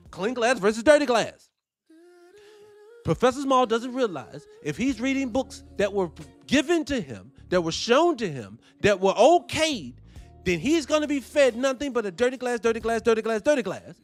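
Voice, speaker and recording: A man hosting casual reaction commentary, animated and profane, firing off rhetorical questions. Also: very high voice, normal speed, soft background music. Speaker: host.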